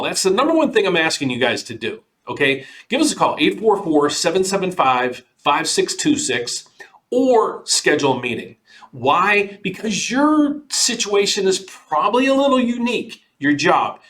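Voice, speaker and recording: An older man, a mortgage broker, hosts a casual market update, talking earnestly and repeating himself as he pleads with viewers to call. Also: a bit bright. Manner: earnest, repetitive, pitches services and pleads with viewers.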